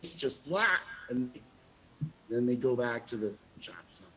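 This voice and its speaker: A man, a former child actor, telling animated stories in a casual interview and acting out the quotes. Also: mid-range voice, measured pace. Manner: animated storyteller, acts out quotes with laughs.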